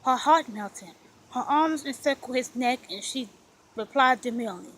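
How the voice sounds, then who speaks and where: A woman reading a romance novel aloud as narrator in an unhurried, gentle storytelling manner. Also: high voice, expressive, a little hiss or hum, poor audio. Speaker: audiobook narrator.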